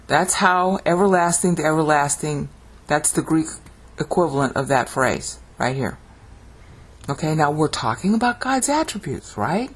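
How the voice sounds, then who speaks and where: In a video lesson on screen slides, a Bible language instructor breaks the text down word by word, checking in often with "okay?" and chanting ancient phrases with a dramatic upward push. His mid-range, husky voice is animated and moves at normal speed.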